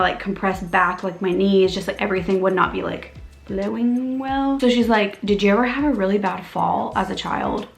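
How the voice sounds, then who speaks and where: A woman's voice: mid-range voice, vocal fry. Chatty young woman telling a story. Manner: animated storytelling, acts out dialogue, frequent "like". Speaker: beauty vlogger. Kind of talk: casual storytime vlog. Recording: echoey room with faint music.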